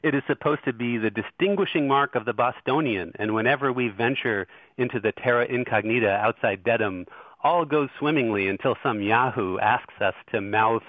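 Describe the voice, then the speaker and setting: A man, an editor and columnist, reading an old newspaper column aloud in a measured, dry way. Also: medium pitch, dry recording, phone-quality sound.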